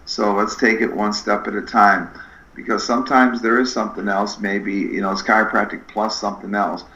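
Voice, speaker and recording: Animated middle-aged man, bright and echoey. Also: lowish voice, normal speed. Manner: animated, acts out quoted dialogue with shifting voices. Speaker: podcast guest, spinal screener. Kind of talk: energetic storytelling interview. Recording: echoey room, slightly dull sound.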